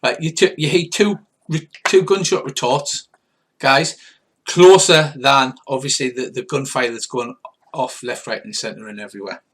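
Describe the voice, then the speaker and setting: A man's voice: mid-range voice, normal speed, a bit bright, slightly rough. An older man from England narrating as game master of a tabletop game, in loose, rambling narration with restarts and sound effects.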